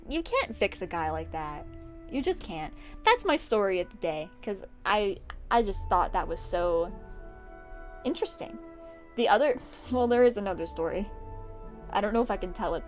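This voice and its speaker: Laughing young woman streamer telling stories. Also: medium pitch. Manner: animated, quotes people in exaggerated voices, laughs often. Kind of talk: casual storytelling while drawing on stream.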